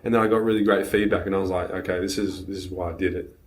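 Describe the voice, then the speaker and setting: A man's voice: low voice, fairly even intonation, very fast, reverberant, recorded from a distance. A young man hosting a casual chat with fellow cleaners, candid and self-deprecating, with casual swearing. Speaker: podcast host.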